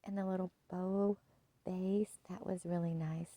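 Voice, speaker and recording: A woman chatting casually through a home decor haul, gushing and soft-spoken, often dropping to a hush. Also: lowish voice, level tone, a little slow, no echo, dull audio. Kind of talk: casual shopping haul chat.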